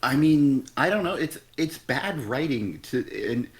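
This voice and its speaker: A man's voice: mid-range voice, animated, unhurried. A man co-hosting a live comic review stream, ranting bluntly and with exasperation, swearing freely. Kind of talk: casual critical chat.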